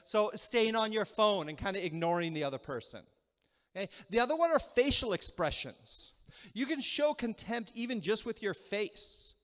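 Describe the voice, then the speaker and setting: A man delivering a sermon in a church sanctuary, his voice pitched high and swinging widely as he acts out small quarrels. He keeps checking in with the congregation as he goes. A long reverb from the hall trails behind him. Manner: animated, acts out quick mock quarrels, asks the crowd "okay?". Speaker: pastor.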